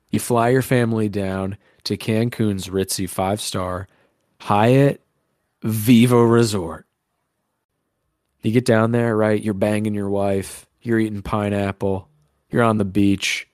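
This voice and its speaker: A man's voice: on the low side, darkish tone, no room sound, clean studio sound. Rambling, joking man on a podcast. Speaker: podcast co-host. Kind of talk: casual podcast banter.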